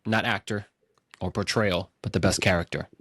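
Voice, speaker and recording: A man hosting a casual movie podcast, telling stories in an excitable, animated way. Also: low-pitched, normal speed, no echo, clean studio sound. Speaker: podcast host.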